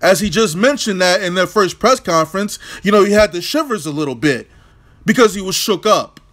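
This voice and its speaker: A man's voice: high voice, lively intonation, a little fast, fairly bright tone. Brash, profane man ranting. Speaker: boxing commentator, channel host. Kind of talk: opinionated vlog rant.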